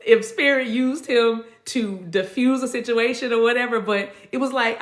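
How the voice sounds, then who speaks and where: A woman teaching spirituality in a loose, animated, conversational way, laughing easily as she goes. Her voice sits somewhat high and rings around a roomy, echoey space. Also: moderate pace, hardly any pauses. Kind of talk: casual spiritual talk.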